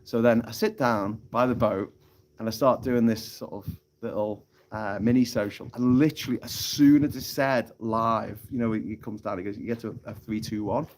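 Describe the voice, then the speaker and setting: A man's voice: on the low side, steady tone, moderate pace, a little mellow. Male live-streamer, loose and chatty, laughs and swears through his stories, phone mic outdoors. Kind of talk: casual rambling live-stream chat. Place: outdoors on a tropical island.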